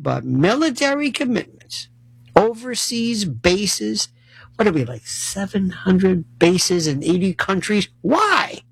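Sarcastic man ranting, gravelly and lively. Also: high-pitched, no echo, low-quality recording. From United States. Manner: sarcastic, animated, mocking voices. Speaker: commentator. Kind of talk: ranting monologue to camera. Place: New York City.

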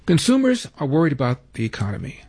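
A man's voice: fairly high pitch, huge pitch swings, quick pace, darkish tone. A man hosting a talk radio show, running through headlines with wry, sarcastic asides.

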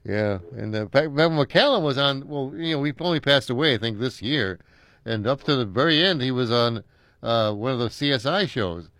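A man's voice: medium pitch, lively intonation, a bit bright, no room sound. Rambling older American man, dry sound. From United States. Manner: rambling, chuckling often, halting with many uhs. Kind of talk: casual chat.

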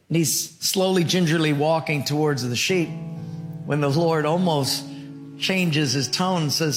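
A pastor tells a story in his sermon, earnest and animated, sinking his voice low and soft at the end of each point. His voice sits a touch high, and guitar music plays softly underneath. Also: a little slow.

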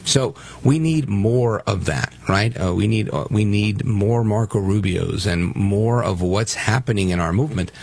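Low gravelly male talk radio host. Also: measured pace, few pauses, a little mellow. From Brooklyn, New York. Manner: emphatic, conversational, takes callers.

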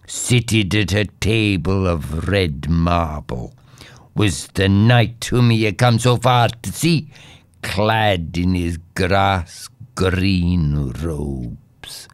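A man's voice: fairly low pitch, no echo. A man reading an old fairy tale aloud in a dramatic way, dropping into whispers at tense moments. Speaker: storyteller.

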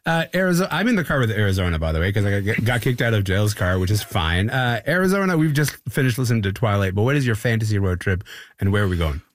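A man hosting a podcast, asking questions in a quick, playful way. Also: fairly low pitch, sing-song, no room sound. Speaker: podcast host. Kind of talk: casual chat.

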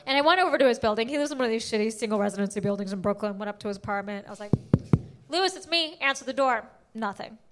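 A woman doing stand-up comedy, telling a story in an animated, self-mocking way with lots of voiced quotes. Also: mid-range voice, racing, hardly any pauses, heavy background noise.

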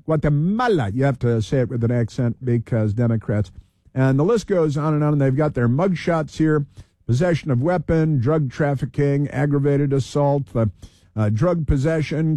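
A man's voice: mid-range voice, dark tone, no echo. A man hosting political talk radio, heated, repeating himself and reeling off long lists.

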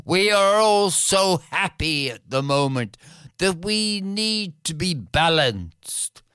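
Stately fairy-tale king, voiced by a woman, courtly formal address, low voice, very slow, smooth, close and dry. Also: expressive, fairly bright tone, no room sound. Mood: jovial.

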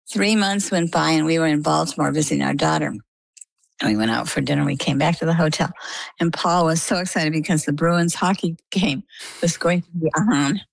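Low-pitched with vocal fry and no room sound, this older woman from coastal Maine is an interview guest. She retells events conversationally, chatty and vivid, complete with quoted dialogue.

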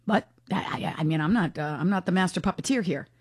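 Chatty talk radio lady, kinda low voice, dry close studio mic, says what she thinks. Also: fast, slightly rough, dry recording. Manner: chatty, opinionated, frank. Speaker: radio talk show host. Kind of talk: casual opinionated talk radio. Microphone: studio microphone.

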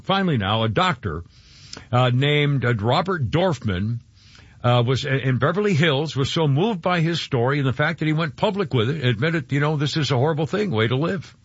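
A man's voice: medium pitch, fairly bright tone, slightly rough, no room sound. A man hosting a radio show, chatting casually in a rambling, jokey way with lots of fillers and restarts. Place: radio studio. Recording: dull lo-fi radio broadcast.

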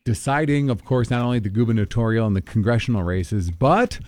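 A man hosting a morning radio show, running through local news in a steady, informative way. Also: mid-range voice, fairly quick.

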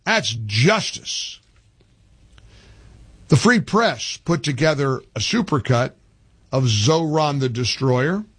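Indignant husky-voiced male commentator. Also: medium pitch, unhurried, dry recording. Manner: animated, indignant, rambling with restarts. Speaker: commentary host. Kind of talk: opinionated political commentary.

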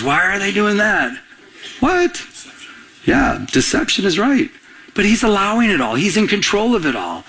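A man's voice: medium pitch, fairly bright tone, breathy edge. A middle-aged man preaching a sermon, telling a personal story and acting out both sides of the conversations. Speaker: pastor.

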